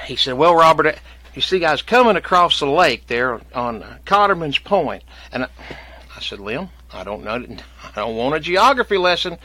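A man's voice: medium pitch, lively intonation, normal speed, sharp tone, dry recording. A man guest telling a long comic story in folksy rural dialect, acting out both sides of the conversation. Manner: drawling rural dialect, acts out both sides of his stories.

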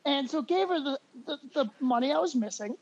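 A man, a podcast guest, telling stories in a casual, animated way and laughing as he goes. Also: very high voice, brisk. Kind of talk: casual storytelling. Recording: dull lo-fi recording.

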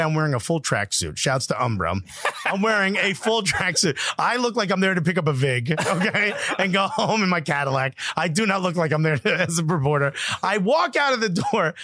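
A man from Newark tells a story on a podcast, animated and excitable, acting out every voice. His tone is bright and sharp, and his pitch leaps around. The sound is close and dry. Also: no room sound. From Newark, New Jersey, USA. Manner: animated, excitable, often laughing mid-sentence; acts out other people's lines with exaggerated delivery. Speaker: podcast co-host. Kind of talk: casual storytelling chat.

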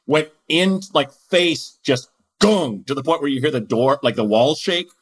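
A man's voice: a little high, unhurried, slightly rough. Rambling, self-mocking man in his forties. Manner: rambling, self-mocking storyteller who acts out quotes. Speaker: comedian guest. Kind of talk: casual podcast chat.

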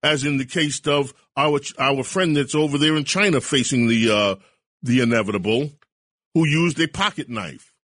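A man's voice: medium pitch, normal speed, fairly bright tone. A man hosting a talk radio show, delivering an opinionated monologue in a sarcastic, indignant and preachy way.

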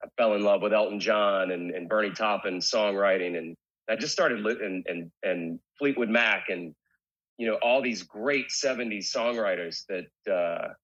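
Low husky-voiced man, candid guest. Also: moderate pace, fairly bright tone, highs cut off. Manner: candid, rambling with many restarts. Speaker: guest, rock singer. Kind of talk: casual interview chat.

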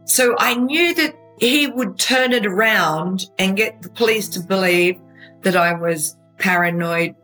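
A woman recounting her own ordeal in animated, emotional testimony, often checking in with "right?". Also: on the low side, poor audio. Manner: animated storytelling, asks listener "right?". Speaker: interviewee telling her own story. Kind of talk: emotional true-crime testimony.

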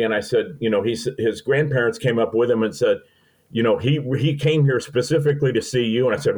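A man's voice: medium pitch, fairly quick, rough recording. An older man from Missouri, a guest telling folksy, sentimental stories in an interview. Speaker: podcast guest. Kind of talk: storytelling interview.

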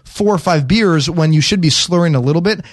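A man hosting a talk show speaks at a racing clip in a fairly high voice. He tumbles through his stories with quick restarts. The sound is dry and close. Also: no echo. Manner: fast storytelling with frequent restarts. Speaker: show host. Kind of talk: casual chat.

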